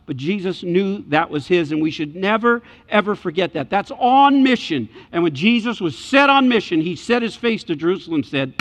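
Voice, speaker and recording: Animated preacher in a reverberant church. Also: male voice, sits high, normal speed, few pauses. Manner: animated, acts out voices in scripture scenes. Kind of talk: sermon. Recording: muffled church hall reverb.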